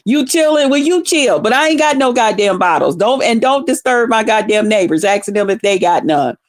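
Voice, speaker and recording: A woman's voice: fairly high pitch, expressive, a little fast, no echo, studio quality. A middle-aged woman giving blunt, profane livestream commentary, laughing often and greeting chat viewers by name.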